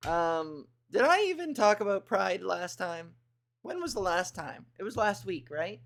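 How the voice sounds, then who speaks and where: A woman's voice: medium pitch, animated, moderate pace. A woman hosting a comedy livestream, chatting casually with viewers in a rambling, crude, playful way. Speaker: comedy streamer host.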